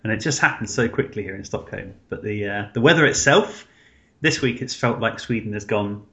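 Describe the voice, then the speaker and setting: A man co-hosting a casual podcast over a call, chatting in a lively, jokey way and laughing between remarks. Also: fairly low pitch, fairly quick, muffled recording. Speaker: podcast co-host. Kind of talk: casual chat. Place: Stockholm, remote call.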